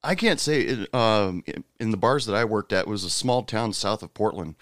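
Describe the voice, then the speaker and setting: A man chatting casually about his bartending days, pausing often with fillers. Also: lowish voice, lively intonation, fairly bright tone, no room sound, studio quality. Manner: hesitant, many fillers, laughs easily. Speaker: former bartender. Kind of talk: casual chat.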